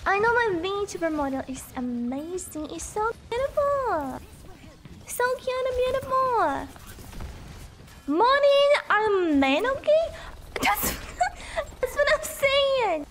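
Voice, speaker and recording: A woman's voice: very high voice, sing-song, slow. A young woman streaming a video game, chatting casually and giggling often. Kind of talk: casual gameplay chat.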